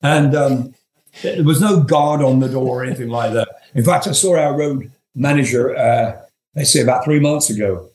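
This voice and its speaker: A man's voice: medium pitch, normal speed, darkish tone. A man in his seventies from England, a guest telling rambling, profane anecdotes with frequent chuckles. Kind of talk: storytelling interview. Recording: roomy echo.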